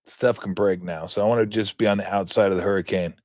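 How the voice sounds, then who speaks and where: A man's voice: on the low side, fairly even intonation, fast talker, a little mellow, dry recording, clean studio sound. Rambling, profane man in his fifties. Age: 50s. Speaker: sports talk show host. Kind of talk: casual sports commentary.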